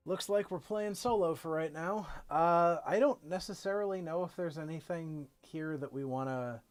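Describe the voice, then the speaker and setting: Live-streaming a card game, a man thinks aloud casually and drops playful, jokey asides. His voice is fairly high and a little mellow.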